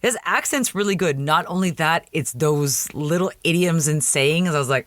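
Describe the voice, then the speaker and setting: Podcast host, chatty and wry, dry close sound. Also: male voice, fairly high pitch, moderate pace, few pauses, fairly bright tone, no room sound. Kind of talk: casual episode recap.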